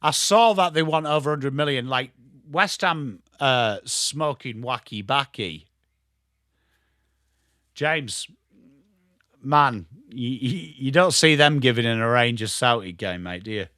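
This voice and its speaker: A man with a strong Yorkshire accent giving live football watchalong commentary, excitable and sweary, chatting to viewers by name. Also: mid-range voice, a little slow, no room sound, studio quality. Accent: Yorkshire English. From Yorkshire, England. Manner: excitable, sweary banter addressed to chat viewers. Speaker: watchalong streamer.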